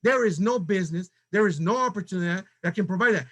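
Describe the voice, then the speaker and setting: Middle-aged guy pumping up his sales team, high bright forceful voice, pushy rhetorical questions. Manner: urgent, exhorting, rapid-fire rhetorical questions. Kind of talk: motivational pep talk to a team.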